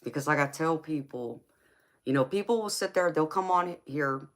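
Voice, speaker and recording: A woman's voice: sits low, moderate pace. Passionate woman chatting on a live stream. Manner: passionate, emphatic, talks to chat with endearments. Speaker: tarot reader and live streamer. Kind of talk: casual live-stream chat with viewers.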